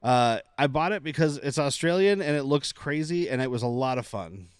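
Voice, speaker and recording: Brief: male podcast host, smooth resonant voice, dry close mic, chatty and rambling. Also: mid-range voice, animated, a little fast, dry recording. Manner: chatty, laughs often, rambling asides. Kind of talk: casual film podcast chat.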